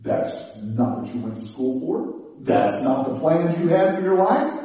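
A man's voice: fairly high pitch, unhurried, distant mic. Preaching man in an echoey hall. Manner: conversational, animated preaching with laughs and restarts. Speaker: pastor. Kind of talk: sermon.

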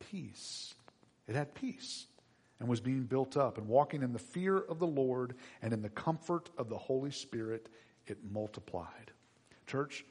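A middle-aged male pastor preaching a sermon, animated, acting out little voices. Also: medium pitch, slightly rough. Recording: long hall reverb.

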